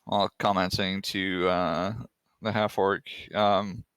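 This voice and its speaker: A man's voice: sits low, level tone, slow, a bit bright, clean tone, no echo, clean studio sound. A man playing in an online tabletop game, calling out his character's actions in a plain, matter-of-fact way. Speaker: player.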